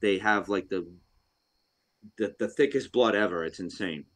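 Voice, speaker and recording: A man from Rhode Island telling a hunting story on a podcast in a casual, animated way, acting out what people said. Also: fairly low pitch, normal speed. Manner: animated, acts out quotes, laughs often. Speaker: podcast guest, deer hunter.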